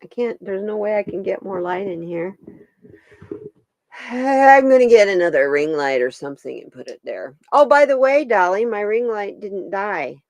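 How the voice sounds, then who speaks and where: A woman's voice: mid-range voice, expressive, moderate pace, darkish tone, dry recording. A woman hosting a live stream, chatting casually with viewers and her pets while she pulls stones and cards.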